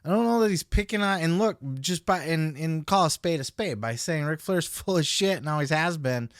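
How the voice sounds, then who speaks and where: A man's voice: a little high, a bit bright, clear, resonant tone, no echo, clean studio sound. A man hosting a podcast, giving blunt, profane, opinionated commentary into a podcast microphone. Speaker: podcast host.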